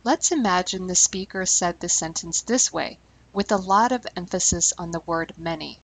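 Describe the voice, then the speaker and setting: Woman teaching slowly and clearly. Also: lowish voice, poor audio. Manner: clear and deliberate, slowing down on key terms. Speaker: language teacher. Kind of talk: scripted instructional narration.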